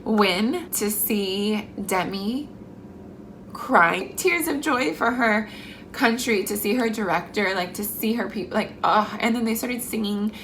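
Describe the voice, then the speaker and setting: Chatty young woman vlogging, bright voice. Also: mid-range voice, measured pace, slight background noise. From Mexican heritage. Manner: chatty and effusive, many fillers. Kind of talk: casual chat to camera.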